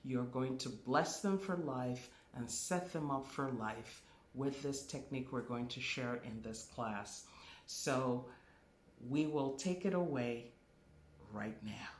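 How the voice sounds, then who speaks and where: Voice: medium pitch, takes it slowly, slight background noise. A spiritual teacher giving a spoken class, stressing and repeating key words. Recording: roomy echo.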